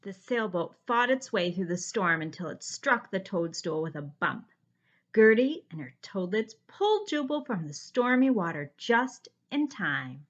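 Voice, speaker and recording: A teacher reads a children's picture book aloud in a slow, unhurried way, her voice rising and falling with lively expression. She is a woman with a fairly high voice. The recording is slightly muffled and lo-fi. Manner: expressive, dramatic storytelling. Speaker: first-grade teacher.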